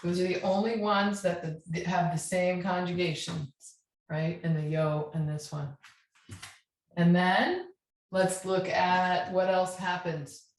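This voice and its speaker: A woman's voice: fairly low pitch, steady tone, slow. A woman teaching a Spanish grammar lesson, patient and checking in often as she spells out verb endings. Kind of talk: classroom lesson. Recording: echoey room.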